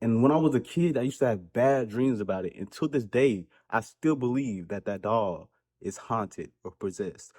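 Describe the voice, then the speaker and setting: A man giving a casual comedic movie review, rambling, joking and ranting in an animated way. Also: mid-range voice, normal speed, husky.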